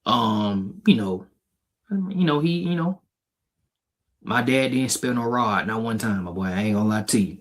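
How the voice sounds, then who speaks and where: A husky, slightly breathy man co-hosting a podcast, telling stories about growing up in a frank, profane, animated way. His pitch is mid-range, and he talks in a loose, conversational manner. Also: unhurried. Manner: candid storytelling, profane, animated. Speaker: podcast co-host. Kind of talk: casual chat.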